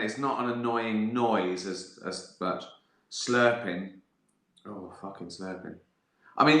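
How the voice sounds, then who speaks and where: Middle-aged guy rambling and swearing on a live stream, bright voice, roomy echo. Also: lowish voice. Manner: sweary, rambling, laughs at his own stories. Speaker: livestream host answering viewer questions. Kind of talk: casual chat.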